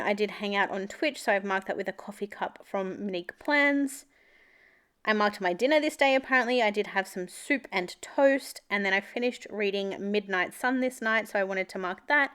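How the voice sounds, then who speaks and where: A woman's voice: medium pitch, a bit bright, smooth. A young adult Australian woman narrating a planner video in a chatty, rambling, upbeat voice-over. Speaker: planner vlogger.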